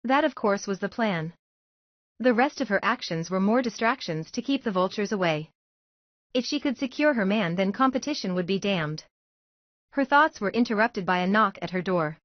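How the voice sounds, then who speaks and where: A woman reading a fan-fiction story aloud in a steady, even narrating voice. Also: medium pitch, normal speed, no echo, lo-fi sound. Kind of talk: audiobook-style story narration.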